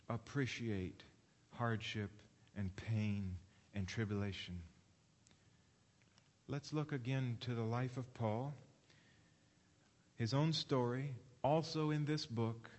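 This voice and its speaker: A man preaching a sermon in a space with a long, trailing reverb. He asks his listeners question after question and slows down whenever he reads scripture aloud. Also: medium pitch. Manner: preaching with rhetorical questions, slowing for read scripture. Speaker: pastor.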